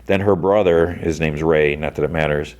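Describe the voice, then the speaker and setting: A man's voice: very deep voice, steady tone, normal speed, a little mellow. A man hosting a podcast, retelling an episode in a rambling, casual way, full of "like" and "you know". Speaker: podcast host.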